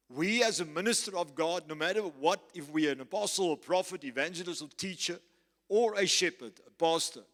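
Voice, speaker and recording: High-voiced man preaching slowly in a church. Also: fairly bright tone. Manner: slow, emphatic preaching with repeated phrases. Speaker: pastor. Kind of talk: sermon. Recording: reverberant church hall with faint music.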